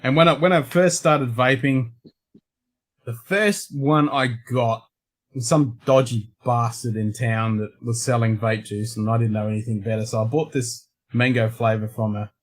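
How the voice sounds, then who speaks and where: Brief: Australian male host, mid-pitched, laid-back, salty-mouthed livestream banter. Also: fairly even intonation, moderate pace. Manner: blunt, swears constantly, laid-back. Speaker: show host. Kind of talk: casual livestream chat.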